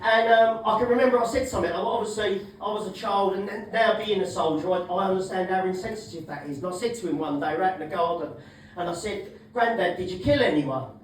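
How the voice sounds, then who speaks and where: A man doing a stand-up comedy set, brash and sweary, shouting his punchlines. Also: sits high, fast talker, very echoey, recorded from a distance, slight background noise, poor audio. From England. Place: comedy club stage.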